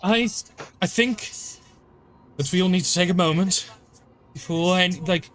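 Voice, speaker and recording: A man's voice: sits high, unhurried, long pauses, a bit bright. A man playing in a tabletop game, speaking formally and diplomatically in character. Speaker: player.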